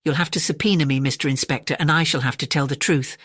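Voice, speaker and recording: The narrator voicing a placid, sneering manservant in a bedtime audiobook, in a clear, even tone. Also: mid-range voice, quick pace, no room sound, clean studio sound.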